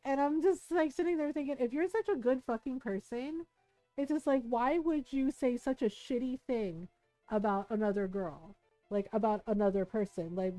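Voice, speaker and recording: A woman streamer chatting casually while playing a game, animated and swearing freely. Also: fairly high pitch, low-quality recording. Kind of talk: casual gameplay commentary.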